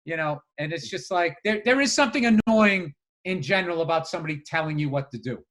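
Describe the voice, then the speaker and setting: A man co-hosting a podcast in casual chat, rambling and swearing freely with animated asides. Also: on the high side, fast talker. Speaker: podcast co-host.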